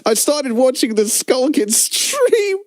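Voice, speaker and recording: A man mimicking a whiny, aggrieved young man who talks in a slow, wounded, plaintive way. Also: very high voice, sing-song, no echo, pitched above the performer's own voice, exaggerated voice.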